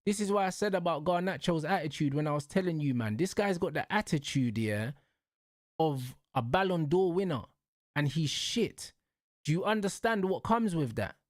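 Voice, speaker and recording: A young man rants about football as a show host, circling back to the same points with heat. His voice sits slightly high. The sound is dry and close, with no room around it. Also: animated, normal speed, dry recording. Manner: heated, repetitive, slangy ranting. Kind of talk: casual football rant.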